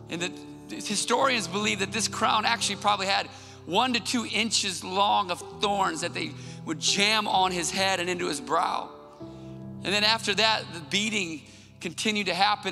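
A man giving a sermon as pastor in a church, earnest and emphatic, in a long hall reverb with soft music behind. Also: high voice, vocal fry.

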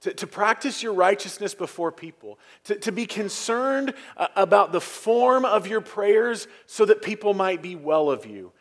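A male pastor preaching in a church sanctuary. His voice sits a little high for a man, and he delivers the sermon earnestly, pressing hard on key phrases and then dropping to a near whisper for effect. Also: sing-song, moderate pace, hardly any pauses.

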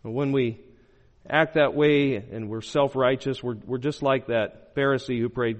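A man preaching a sermon as pastor, moving between loud emphatic bursts and low, quiet phrases. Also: fairly even intonation, measured pace. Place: church sanctuary. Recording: long hall reverb.

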